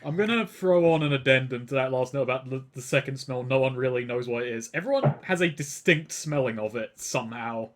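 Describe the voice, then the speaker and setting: A man's voice: mid-range voice, a little fast, hardly any pauses, background noise. A man narrating a tabletop game as game master in a loose, rambling way.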